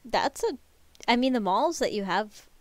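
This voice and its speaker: A woman streaming live, chatting casually with her viewers and a friend, excitable and quick to laugh. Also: a little high, no echo. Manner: giggly, excitable, talks to chat.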